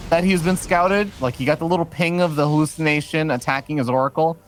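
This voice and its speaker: A man's voice: fairly high pitch, quick pace, faint music behind. A man co-casting a live strategy game match, trading playful banter and breaking down the play in detail. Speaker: esports caster.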